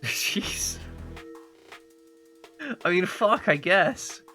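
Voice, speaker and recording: A man's voice: high voice, animated, extremely slow, bright, forceful tone, soft background music. A man streaming a game in casual chat, joking and swearing and often repeating his words as he talks.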